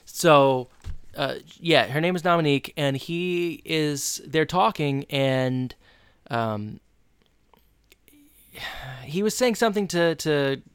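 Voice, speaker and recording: A man co-hosting a podcast, recapping TV scenes in a chatty, animated storytelling way. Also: a little high, clear, resonant tone, no room sound. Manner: animated storytelling, retelling scenes in quick bursts. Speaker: podcast co-host. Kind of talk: casual chat recapping TV episodes.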